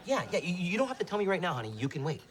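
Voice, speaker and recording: A man's voice: sits high, very animated, racing, some chatter behind. A man acting a bumbling, evasive boyfriend in a sitcom.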